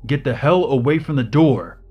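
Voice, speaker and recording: A man doing a gruff, yelling father. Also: mid-range voice, measured pace, dull audio. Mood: angry. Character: harsh, angry middle-aged father.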